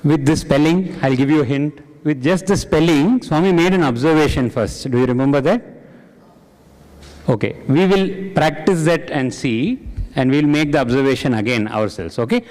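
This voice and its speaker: A man with a fairly high voice leads a spiritual study group, firing questions at the room and warmly affirming each answer. His words ring out with the long reverb of a large hall. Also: moderate pace. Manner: questioning and encouraging the audience. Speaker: satsang discussion leader. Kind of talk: interactive spiritual class.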